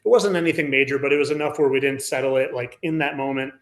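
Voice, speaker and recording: A man in his forties appears as a podcast guest, telling a personal story in a loose, rambling way peppered with "like." His mid-range voice moves fast and has a slightly bright quality.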